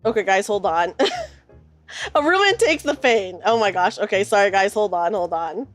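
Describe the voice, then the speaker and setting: A woman's voice: medium pitch, sing-song, unhurried, soft background music. A woman in her thirties chatting with her stream viewers from her room, telling a rambling story full of fillers and swearing now and then. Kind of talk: casual chat with live viewers.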